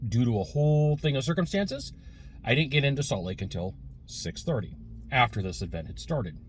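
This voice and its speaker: A man's voice: medium pitch, animated, normal speed, a little hiss or hum. A man giving a casual, rambling sales lesson with many fillers and restarts, recorded while sitting in a car. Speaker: sales trainer.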